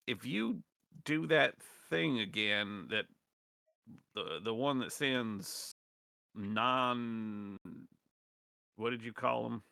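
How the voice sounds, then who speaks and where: Gravelly, bright-voiced man in role-play. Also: medium pitch, very slow, long pauses, no room sound, studio quality. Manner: folksy drawling talk. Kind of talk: in-character tabletop role-play.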